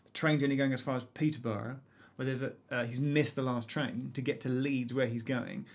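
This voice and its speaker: A man co-hosting a casual quiz livestream, telling a story in an animated way and laughing often. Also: mid-range voice, a little fast. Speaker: quiz co-host.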